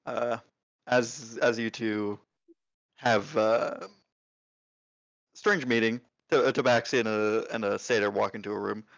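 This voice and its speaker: A man narrating a tabletop game as game master, describing scenes with many pauses and fillers. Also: on the low side, steady tone, creaky, fairly bright tone, dry recording, muffled recording. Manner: hesitant, filler-heavy description.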